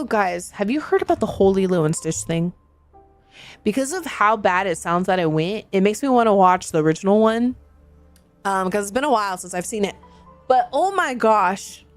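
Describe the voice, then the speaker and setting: A woman streamer chatting casually while she plays a video game, giggly and chatty as she reads and answers her chat. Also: mid-range voice.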